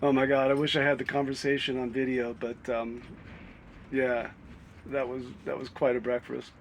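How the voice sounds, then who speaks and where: A man's voice: mid-range voice, completely flat delivery, normal speed, slight background noise. A man vlogging from the road in a casual, rambling, reflective way, laughing now and then. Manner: musing, rambling, given to laughing. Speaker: travel vlogger. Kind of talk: casual reflective vlog talk. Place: outdoors on the road, then inside his vehicle on a cold morning.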